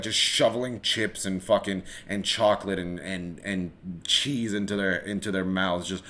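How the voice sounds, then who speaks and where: A man's voice: low-pitched, measured pace. A man hosting a solo live-streamed podcast, ranting casually with lots of swearing, restarts and rambling asides. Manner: rambling, animated, swears freely, many restarts. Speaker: podcast host.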